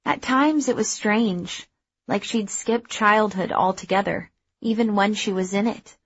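A woman narrating a first-person story in a measured, even way. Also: mid-range voice, husky, no room sound, muffled recording. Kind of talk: audiobook narration.

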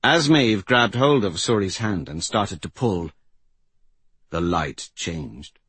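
Slow husky male audiobook narrator. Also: animated, a bit bright, dry recording. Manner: slow, measured, low storytelling.

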